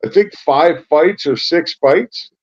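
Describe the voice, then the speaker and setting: A man's voice: fairly high pitch, takes it slowly. A middle-aged man co-hosting a casual chat, talking at length and telling anecdotes from his apartment. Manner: chatty, tells long anecdotes. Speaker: co-host. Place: apartment at home. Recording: slightly muffled lo-fi sound.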